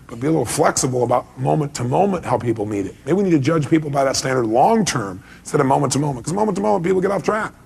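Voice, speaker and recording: A motivational speaker with a gravelly, medium-pitched voice gives a seminar talk, pushing the audience with emphatic rhetorical questions. A slight hiss or hum sits in the recording.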